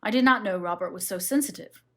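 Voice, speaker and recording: A woman voices a wealthy, brusque husband in a storybook reading, speaking curtly and with a hint of impatience. He sounds short-tempered but offhand, in a voice pitched about at her own middle. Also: natural voice. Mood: brisk. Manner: curt, brisk and exasperated.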